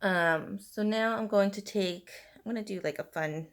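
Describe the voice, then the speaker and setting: A woman's voice: medium pitch, normal speed. Beauty vlogger, woman, 30s, chatty and fed-up, fillers everywhere while she does her makeup. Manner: animated venting, heavy use of fillers like "you know" and "like"; talks while applying makeup. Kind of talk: casual ranting get-ready-with-me chat.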